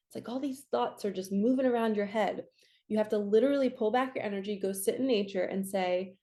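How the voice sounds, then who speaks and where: Warm, mellow-toned woman, spiritual coach, chatty encouraging tarot reader. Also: mid-range voice. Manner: upbeat, encouraging, chatty with quick asides. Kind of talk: casual tarot reading monologue.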